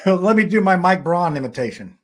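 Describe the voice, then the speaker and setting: An older man hosting a casual online talk show, chuckling and rambling as he talks. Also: fairly high pitch. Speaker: talk show host and voice actor.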